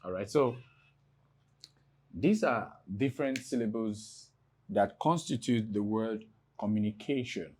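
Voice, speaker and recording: Slow, mellow-voiced male tutor. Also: lowish voice, slightly rough. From Nigeria. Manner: slow, repetitive explaining, spelling out letters. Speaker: English tutor. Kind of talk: exam prep lesson.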